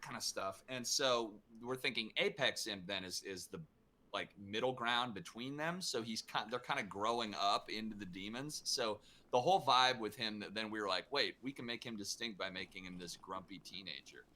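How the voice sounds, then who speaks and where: Lively low-voiced man, bright tone. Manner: animated, laughing, quick bursts. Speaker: voice actor guest. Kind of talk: casual panel chat.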